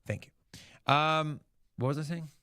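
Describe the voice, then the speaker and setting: A man hosting a crypto livestream, talking casually and excitably, swearing freely. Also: fairly high pitch, measured pace, clean tone, no echo, clean studio sound. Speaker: crypto show host. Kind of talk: livestream market commentary.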